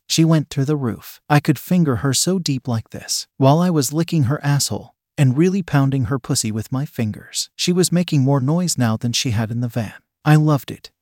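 A man narrates an erotic story in the first person, calm and even in his delivery. His voice sits at an ordinary middle pitch for a man. The recording is dry and close, with no room sound. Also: no room sound.

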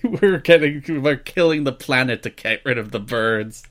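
Dry-joking man with a lively voice. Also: mid-range voice, moderate pace. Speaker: podcast co-host. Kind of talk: casual banter.

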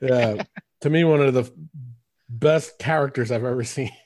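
A man's voice: medium pitch, normal speed, a little mellow. A man co-hosting a podcast in casual chat, rambling and swearing freely, often laughing. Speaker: podcast co-host.

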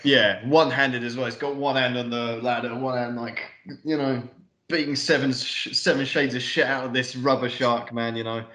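A man's voice: mid-range voice, fairly even intonation, normal speed, sharp tone. A young man co-hosting a podcast, rambling casually and swearing while recapping a film. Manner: rambling, sweary, lots of fillers. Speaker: podcast co-host. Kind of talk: casual film review chat.

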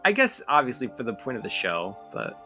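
A man's voice: mid-range voice, brisk, soft background music. A man co-hosting a casual chat, who laughs easily as he talks. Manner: laughs often, relaxed and conversational. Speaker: podcast co-host.

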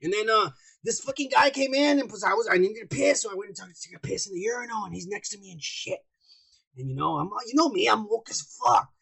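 Gravelly, loud, crude-talking man. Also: high-pitched, lively intonation, quick pace. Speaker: podcast host. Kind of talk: profane casual banter.

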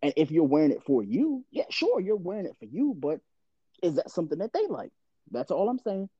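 Animated man hosting, dry dull sound. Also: sits high, a little fast, breathy edge, no echo. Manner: animated, profane, laughing reactions. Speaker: podcast host reading voicemails. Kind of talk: casual chat, loud reactions.

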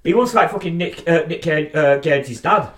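A man co-hosting a podcast, swearing freely and giving animated opinions with frequent restarts. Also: fairly high pitch, moderate pace. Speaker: podcast co-host. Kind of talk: casual podcast chat. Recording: roomy echo.

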